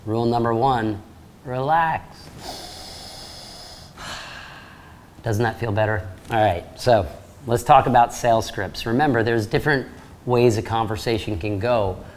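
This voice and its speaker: A man giving a sales training lecture, coaching trainees in an upbeat, direct way. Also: lowish voice.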